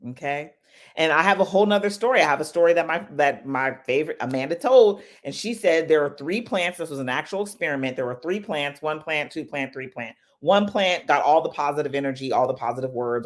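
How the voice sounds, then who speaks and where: A woman hosting a casual motivational talk, chatty and animated, with lively asides as she tells stories. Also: sits low. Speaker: host.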